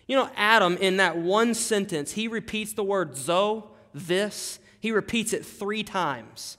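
A man's voice: high-pitched, measured pace, few pauses, bright, forceful tone. A male pastor preaching a sermon, emphatic and dramatic, repeating key phrases. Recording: long hall reverb.

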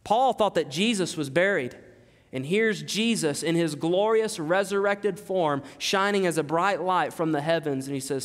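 A man with a high voice preaches a sermon, pressing his points home with repetition and rhetorical questions. His words ring out with a long reverb, as in a large church sanctuary. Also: moderate pace. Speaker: pastor.

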